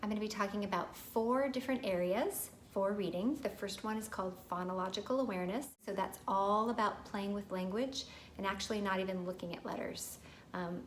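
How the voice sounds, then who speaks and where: A young woman teacher talks parents through early reading with clear, patient explanations. Her pitch sits in a middle register, and she slows down to sound out words the way she would for a child. A faint hiss of background noise sits under her voice. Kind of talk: instructional video for parents.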